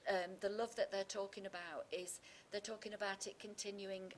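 A woman's voice: medium pitch, fairly even intonation, normal speed, a little hiss or hum. A woman English teacher, explaining poetry terms with confidence and leaning on key words. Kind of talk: explanatory revision chat.

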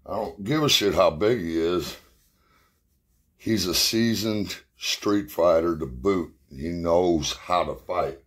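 A middle-aged man with a very low voice spins rambling, cuss-heavy stories from his past. He sounds a little short of breath as he talks, in a loose, casual way. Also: slow. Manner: profane, rambling storyteller. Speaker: storyteller. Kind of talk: casual spoken memories.

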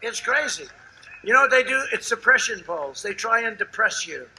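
An older man addresses a rally in a very bright, brassy voice that sits fairly high for a man. He brags and repeats himself, rambling from point to point. He swings from shouted lines to low, confiding asides. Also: animated, normal speed, slight background noise, low-quality recording. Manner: boastful, rambling, repetitive, shifts between loud shouting and hushed asides. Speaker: politician at a campaign rally. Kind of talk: rally speech. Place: outdoor rally before a large crowd.

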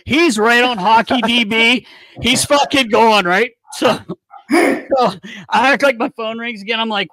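A man hosting a podcast, telling a long, profane, animated story in a casual chat. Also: sits high, moderate pace, no echo. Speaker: podcast host.

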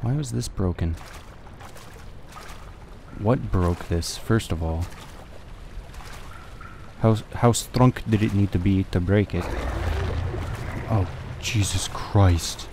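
A man's voice: on the low side, slow pace, creaky, long pauses, noisy background. A young man casually commenting on a horror game as he plays, swearing and talking to himself. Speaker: let's play gamer.

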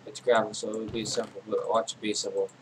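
A man narrating his own video game play in a casual, rambling way, talking to himself, his voice a little hoarse. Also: on the low side, flat delivery, quick pace, background noise. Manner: rambling, talks to himself while playing. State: losing his voice. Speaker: gaming channel host. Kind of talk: casual gameplay commentary.

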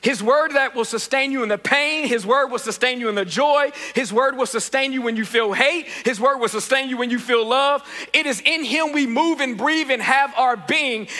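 A man's voice: very high-pitched, bright, forceful tone. A man preaching a sermon as pastor, building repeated refrains and calling for the congregation to answer back. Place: church sanctuary. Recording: reverberant church hall.

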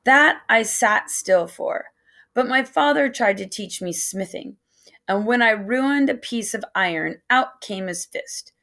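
A woman teacher reading a novel aloud to a class in a steady first-person storytelling way. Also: a little high, unhurried.

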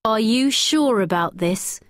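A woman's voice: fairly high pitch, animated, slow, no room sound, clean studio sound. A woman voicing a cautious young woman who speaks anxiously and pleadingly. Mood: worried.

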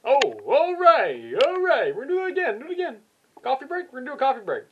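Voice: high voice, sing-song, quick pace, highs cut off, slight background noise, voice pushed up. A puppeteer voicing a perky cartoon mouse who hosts a game show, in an upbeat, emcee-style way. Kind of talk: puppet blooper reel.

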